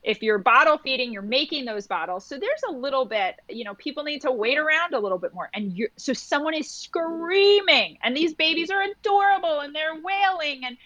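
A woman's voice: high voice, lively intonation, brisk, few pauses, bright, forceful tone, no echo, dull audio. Chatty woman with a dry, close sound. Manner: chatty, acts out little quoted exchanges. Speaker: postpartum doula. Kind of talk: podcast conversation.

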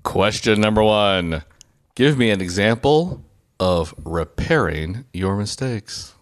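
A man's voice: on the low side, lively intonation, takes it slowly, no room sound, studio quality. A man hosting a parenting podcast, leading a quiz segment with playful, thoughtful asides. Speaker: podcast host.

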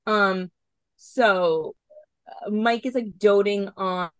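A woman co-hosting a podcast in casual chat, animated, swearing freely and laughing often. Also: mid-range voice, slow pace, smooth, no room sound. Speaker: podcast co-host.

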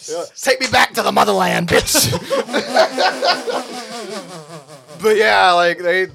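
A man's voice: sits high, very animated, very slow, gravelly, a loud crowd. A young man from Tennessee, telling a story in casual chat, profane and acting out quotes with laughs.

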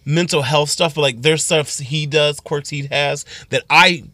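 A man's voice: on the high side, a little slow, no room sound. A man co-hosting a radio show, talking casually and animatedly, acting out what he and his partner said. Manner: animated, laughing, acts out quoted lines. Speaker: radio co-host.

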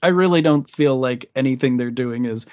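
Casual film discussion comes from a male podcast co-host whose medium-pitched voice moves at normal speed. He rambles, restarts often, and uses plenty of fillers, all captured in slightly muffled lo-fi audio.

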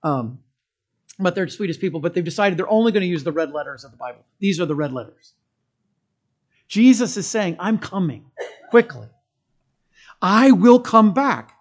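A male pastor giving a sermon in a church. He is emphatic and conversational, moving between strong stresses, quiet asides and humorous stories. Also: high-pitched, lively intonation, normal speed, long pauses.

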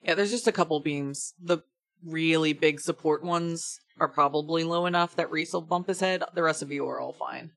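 A woman narrating a tabletop game as game master, describing scenes in a relaxed, halting way. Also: deep voice, no room sound.

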